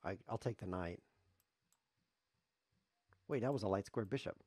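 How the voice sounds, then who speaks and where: A man's voice: fairly low pitch, normal speed, darkish tone, husky, dry recording. A man commenting live on his own chess game as a streamer, sarcastic, self-mocking and grumbling.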